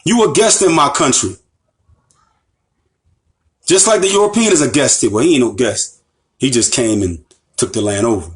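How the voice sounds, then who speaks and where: At normal speed with long pauses, an American man gives an animated, impassioned lecture as an Islamic teacher in a medium-pitched voice. He speaks emphatically, repeats phrases, and asks rhetorical questions of his listeners.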